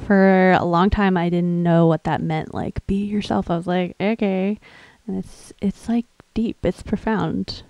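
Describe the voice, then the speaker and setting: A woman hosts a music livestream, chatting casually and rambling between songs in a tired, soft voice with some laughter. Her pitch is on the low side, her tone steady, and she speaks unhurriedly with few pauses. The audio is dull, with no echo.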